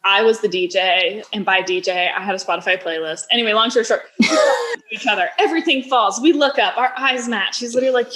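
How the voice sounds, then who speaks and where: A woman's voice: on the high side, animated, quick pace, fairly bright tone. A woman in her thirties, a business founder, speaking as a podcast guest and telling a personal story in a chatty way, saying "like" often and acting out quoted dialogue.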